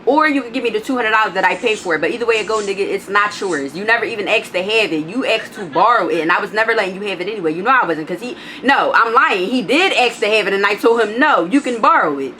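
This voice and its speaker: A woman vlogger telling a storytime, blunt and profane, animated as she reads out text messages. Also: medium pitch, fast, few pauses, slight background noise, poor audio. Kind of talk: storytime vlog.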